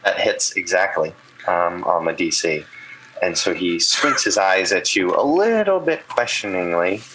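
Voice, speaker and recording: A man's voice: low voice, unhurried, noisy background. A man running a tabletop game as game master, narrating loosely with fillers. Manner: relaxed, many fillers.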